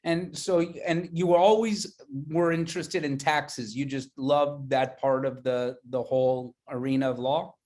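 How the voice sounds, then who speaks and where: A male host asks his guest long, enthusiastic questions, circling with repeated fillers. His voice sits at an ordinary middle pitch, and he talks in a conversational way over a video call. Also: steady tone, a little slow, hardly any pauses, a little mellow. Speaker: interview host.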